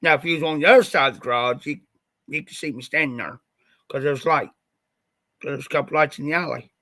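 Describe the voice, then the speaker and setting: A man's voice: a little high, quick pace, bright, forceful tone, dry recording. A man from Ohio hosting a livestream, telling a rambling story and repeating "I said" as he goes, slightly stuffed up after the flu. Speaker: livestream host.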